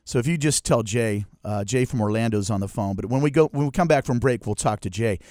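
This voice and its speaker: A man's voice: mid-range voice, darkish tone, dry recording. A man hosting a sports radio show, chatting and joking in a rambling, casual way from a studio. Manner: jokey, rambling, quick to laugh. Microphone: studio microphone.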